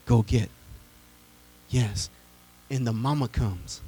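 A man preaching a sermon, retelling a Bible story in a lively storytelling way and acting out its characters, building up to shouted praise. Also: on the high side, moderate pace. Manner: animated storytelling, acts out the people in the story, rises to a shout.

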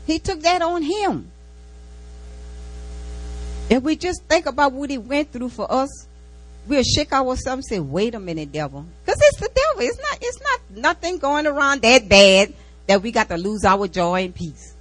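A woman's voice: high-pitched, very animated, normal speed, poor audio. A woman preaching an informal sermon and sharing a personal testimony, in a folksy way that repeats key lines and breaks into laughter between phrases. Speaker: church speaker giving a testimony.

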